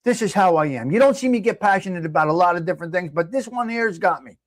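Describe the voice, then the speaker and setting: Furious cursing New man, high-pitched. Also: animated, quick pace, no echo. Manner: angry, profane, shouting at times. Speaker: livestream host. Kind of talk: heated livestream rant.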